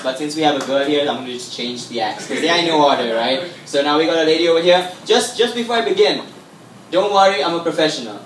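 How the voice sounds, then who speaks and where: A man's voice: on the high side, fairly bright tone. Sri Lankan-accented young man doing stage patter. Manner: chatty, showman-like. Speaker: magician. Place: comedy club stage. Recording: echoey room, mic far off.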